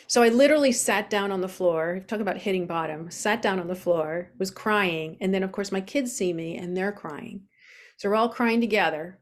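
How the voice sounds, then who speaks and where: A woman in her forties speaks openly as an interview guest. She tells her story earnestly, pausing on fillers along the way, in an ordinary mid-range voice. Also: mid-range voice. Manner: open, earnest, with frequent fillers. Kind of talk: candid personal storytelling in a podcast interview.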